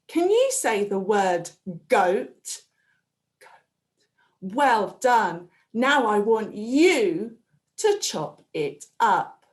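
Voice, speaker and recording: Woman, primary teacher, unhurried and lively sing-song delivery, stretches each sound out for little ones. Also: mid-range voice. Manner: slow, clear, sing-song prompting with drawn-out sounds. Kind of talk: phonics lesson for young children.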